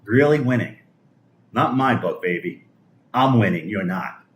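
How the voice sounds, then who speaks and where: The speaker is a middle-aged Brooklyn, New York man with a lowish, expressive voice, recorded with plenty of reverb. His live-stream political rant is crude and disdainful, packed with swearing, and he keeps faltering and starting over.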